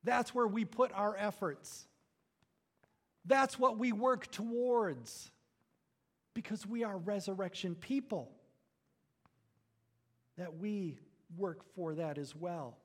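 A man preaching a sermon, building to loud emphatic phrases and then dropping low and quiet. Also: slow, long pauses. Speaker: pastor.

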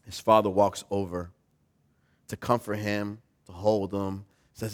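A pastor preaching a sermon, telling a story with animation and putting questions to the congregation. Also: male voice, fairly low pitch, little pitch movement, unhurried.

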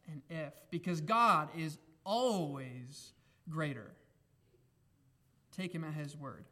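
High-voiced emphatic male preacher. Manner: emphatic, shifts between raised exclamations and quiet reflective asides. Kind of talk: sermon.

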